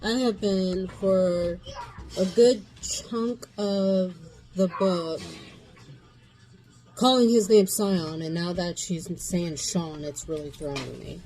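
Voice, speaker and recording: A woman's voice: fairly low pitch, takes it slowly, dark tone, faint music behind. A woman vlogging casually about a book she's reading, rambling and thinking aloud. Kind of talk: casual chat.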